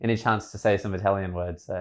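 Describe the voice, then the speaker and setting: A man's voice: low voice, steady tone, fast. A man hosting a podcast in casual conversation, chatty and enthusiastic, prone to rambling. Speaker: podcast host.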